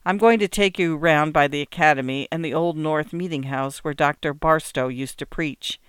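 A man's voice: on the high side, normal speed, fairly bright tone, clean tone, dry recording, studio quality, lightly acted. A man voicing a kindly, cheerful farmer father who talks in plain, homely country speech.

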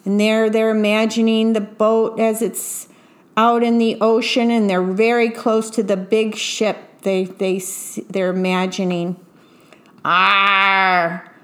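A woman reading a picture book aloud, gently pointing out what is in the pictures as she goes. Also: medium pitch. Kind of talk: read-aloud storytelling with picture commentary.

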